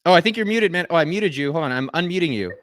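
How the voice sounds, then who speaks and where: A man's voice: fairly high pitch, fast, no room sound, clean studio sound. An American man hosting a live online show, joking with viewers and introducing guests with lots of energy. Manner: energetic, jokey, rambling. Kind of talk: hyped livestream hosting. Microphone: video call.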